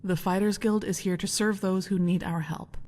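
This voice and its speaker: A woman voicing an idealistic female guild leader in a game, earnest and measured. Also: medium pitch, fairly even intonation, darkish tone, in a large hall, close to an everyday voice. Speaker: game character.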